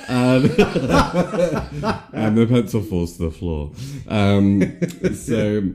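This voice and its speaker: A man's voice: on the low side, animated, extremely slow, a little mellow. A man casually recapping a film scene by scene, rambling with many fillers and frequent laughter.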